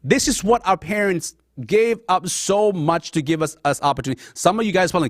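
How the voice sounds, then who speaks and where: A man's voice: sits high, lively intonation, a little fast, dry recording, studio quality. A middle-aged man, born in Laos and a Lao speaker, hosting a talk show and giving a passionate, emotional personal monologue straight to his audience. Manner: passionate, addresses audience as guys.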